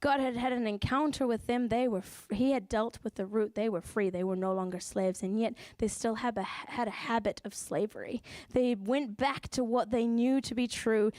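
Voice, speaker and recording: A woman with a New Zealand accent preaching a sermon in church, telling the story with lively asides and acting out the voices of the people in it. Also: fairly high pitch, normal speed, hardly any pauses, dry recording.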